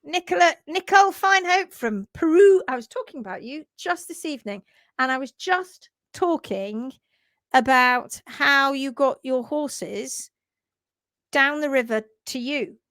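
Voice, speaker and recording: A woman hosting a live stream in casual chat, excitedly greeting viewers by name. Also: sits high, a little slow, no room sound, studio quality. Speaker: livestream host.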